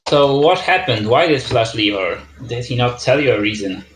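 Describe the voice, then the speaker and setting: A man's voice: medium pitch, animated, normal speed, a little hiss or hum. Male league host, casual and chatty, echoey room. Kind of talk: casual esports league preview.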